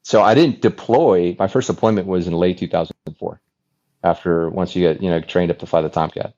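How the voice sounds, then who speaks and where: A man in his forties, a former fighter pilot, telling his story as a podcast guest in an animated, chatty way with many restarts. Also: low-pitched, a little fast, highs cut off. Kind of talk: casual storytelling interview.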